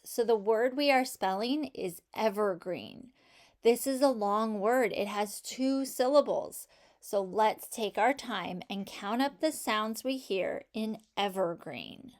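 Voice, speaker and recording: In a medium-pitched voice, a woman teaches children phonics, patiently sounding out each sound in a word and praising their answers.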